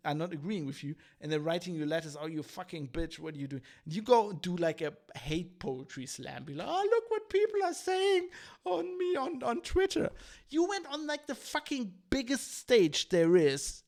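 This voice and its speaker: A male podcast host, ranting heatedly with lots of swearing and restarts. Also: a little high. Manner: heated, profane, fast ranting with many restarts. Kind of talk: opinionated podcast rant.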